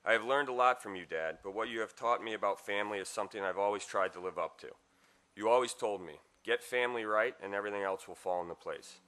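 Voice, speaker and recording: A man's voice: fairly low pitch, fast, bright, forceful tone. A man giving a heartfelt eulogy for his father at a memorial service, with wry asides.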